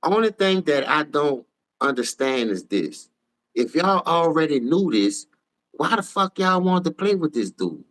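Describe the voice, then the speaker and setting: A man hosts a live sports talk stream. He trash-talks players in a heated, profane rant. His delivery swings from low, muttered asides to high, shouted outbursts. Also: sing-song, moderate pace, poor audio. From New Orleans. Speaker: sports talk show host.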